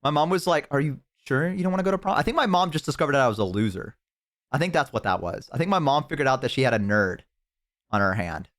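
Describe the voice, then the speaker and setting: A young man streaming live in casual chat, with a voice of ordinary male pitch. He swears freely and tells stories to his viewers. He often bursts into loud, excited shouts. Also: fast.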